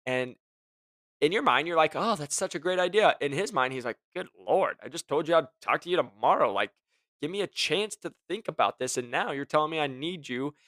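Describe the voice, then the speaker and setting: A man hosting a casual motivational talk to his listeners, energetic and jokey, often acting out what other people say. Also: on the high side, brisk, no echo, clean studio sound. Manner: energetic, jokey, acts out quoted voices. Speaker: host.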